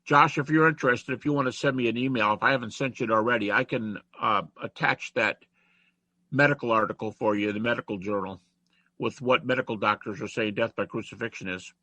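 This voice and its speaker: Bright, husky-voiced male lecturer. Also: mid-range voice, a little fast, dry recording. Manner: animated, chatty teaching with recited rhymes and quotes. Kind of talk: online lecture.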